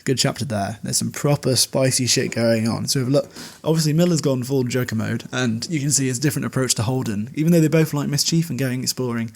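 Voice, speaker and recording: A male podcast host with a rough, gravelly edge to his ordinary mid-pitched voice. He talks loosely and casually, laughing often and dropping swear words. His delivery is offhand and chatty. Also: brisk, hardly any pauses.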